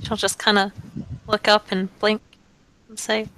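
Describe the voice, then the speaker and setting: A woman's voice: monotone, measured pace, pushed and bright, poor audio. Woman running a tabletop rpg, giggly, narrates what her characters do. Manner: giggly, breaks into high laughs, narrates in third person. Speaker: game master.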